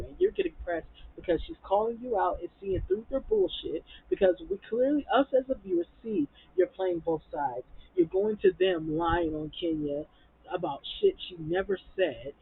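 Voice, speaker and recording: Profane, high-pitched reviewer on tinny audio. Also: male voice, creaky, husky. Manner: blunt, profane, heated ranting. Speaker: reality TV reviewer. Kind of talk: TV episode recap and review.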